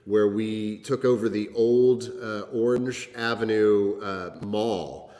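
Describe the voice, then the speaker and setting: A man with a lowish voice talks casually as a guest and rambles through his memories, filling pauses and restarting often. A long reverb trails behind his words. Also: fairly even intonation, dark tone. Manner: rambling, many fillers and restarts. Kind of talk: casual chat.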